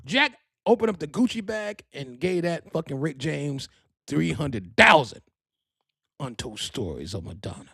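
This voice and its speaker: Gravelly, animated male podcast host. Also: a little high, unhurried, no echo, studio quality. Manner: profane, rambling, animated gossip. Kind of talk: casual storytelling monologue.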